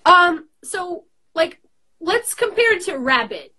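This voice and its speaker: A woman's voice: very high-pitched, big pitch swings, slow pace, pushed and bright. A young woman from Bosnia, a native English speaker, chatting as a guest on a video call with many fillers. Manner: chatty, with frequent fillers and laughs. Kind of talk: casual video-call interview.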